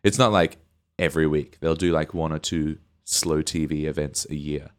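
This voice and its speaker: A man's voice: a bass voice, fairly even intonation, moderate pace. A man co-hosting a comedy podcast, chatting casually, rambling and laughing often. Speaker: podcast co-host.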